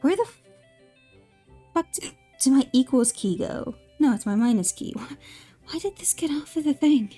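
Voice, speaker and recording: A woman's voice: sits high, expressive, moderate pace, long pauses, warm tone, breathy edge, soft background music. A young woman streaming a video game, chatting casually with her viewers, exasperated and swearing freely while she has the hiccups. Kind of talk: casual live-stream chat while gaming.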